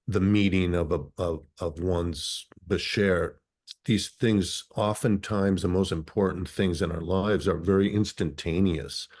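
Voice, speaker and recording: A man around sixty from Minnesota, guest in an interview. He recounts his life story in a thoughtful, philosophical way, with a notably deep, low voice. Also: a little mellow. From Minnesota, USA.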